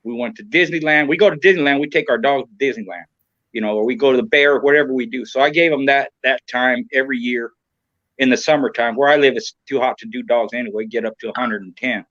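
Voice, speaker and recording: A man's voice: mid-range voice, quick pace, fairly bright tone, no echo. A man of about sixty from Southern California talks as a podcast guest. He rambles in a frank, profane way, filling gaps with "you know." His voice sits in the middle of the male range, and the sound is dull, lo-fi and dry. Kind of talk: casual chat.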